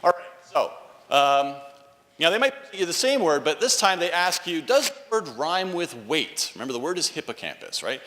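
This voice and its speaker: Animated male lecturer, bright voice. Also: fairly high pitch, fairly quick. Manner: animated, frequent "right?" tags, coaxes audience responses. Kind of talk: university lecture. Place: lecture hall. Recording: echoey lecture hall.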